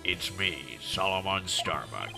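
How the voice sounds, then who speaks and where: A man's voice: low voice, animated, slow pace, creaky, sharp tone, voice pushed down, full character voice. A man voicing a smug, sinister male undercover investigator in a nasal, cartoonish voice, reading game dialogue for friends. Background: game music.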